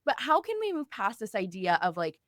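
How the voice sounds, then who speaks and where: Woman host, casual and reflective, mid pitch, dry close-miked podcast voice. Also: sing-song, brisk, a bit bright, dry recording. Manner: reflective, many "like" fillers, affirming murmurs. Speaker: podcast host, binge eating coach.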